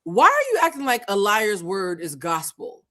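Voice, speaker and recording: Animated, outspoken woman host. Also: mid-range voice, normal speed. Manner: animated, blunt and profane, acting out quotes. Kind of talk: live pop-culture commentary.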